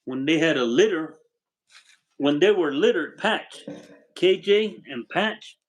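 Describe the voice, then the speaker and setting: A man's voice: a little high, expressive, slow pace, rough recording. An older man from Arizona hosting a casual livestream from his home, reading out viewers' names and telling rambling stories. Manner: rambling, warm storytelling, thanks viewers by name. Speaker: livestream host. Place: home with a wood stove.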